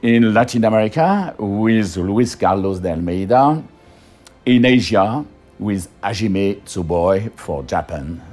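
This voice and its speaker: A man's voice: fairly low pitch, lively intonation, slow pace, a little mellow, soft background music. A man with a French accent, giving a hesitant interview testimony full of fillers and restarts. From France.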